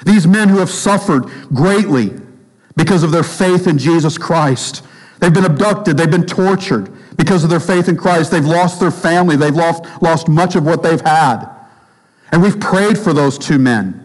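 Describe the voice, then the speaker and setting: Preaching man in a reverberant hall. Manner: emphatic, repeats phrases, drops low and slow for stress. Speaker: pastor. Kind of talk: sermon.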